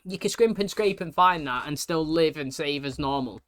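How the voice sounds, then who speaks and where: A man's voice: on the high side, lively intonation, normal speed, a bit bright. A man giving casual reaction commentary, chatty and rambling, often asking if you know what he means. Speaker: reaction video host.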